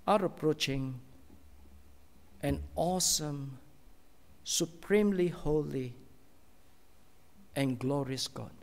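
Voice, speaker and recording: A man delivers a sermon from the pulpit in a high, gravelly voice. He speaks slowly and earnestly, pausing often and sinking into a soft, hushed tone. A long reverb trails his words, as in a church hall. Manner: slow, earnest preaching with many pauses, often dropping to a soft, hushed tone. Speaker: pastor.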